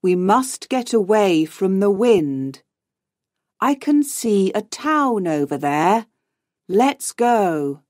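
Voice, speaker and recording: Calm young sailor man, a woman reading him, slow and plain, lively pitch. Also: dry recording, studio quality.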